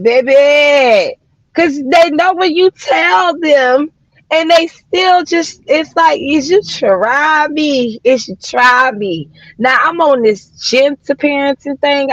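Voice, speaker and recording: A woman's voice: high voice, lively intonation, measured pace, no room sound, dull audio. A woman chatting casually on a livestream, talking to her viewers like friends, with plenty of swearing and slang. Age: adult mother of daughters. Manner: chatty, swearing, addressing viewers as y'all and child. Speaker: livestream host.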